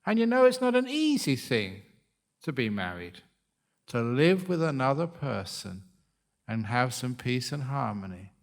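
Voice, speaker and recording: A man's voice: mid-range voice, sing-song, a little slow. A man who is a monk giving a humorous dharma talk, joking and often laughing at his own stories.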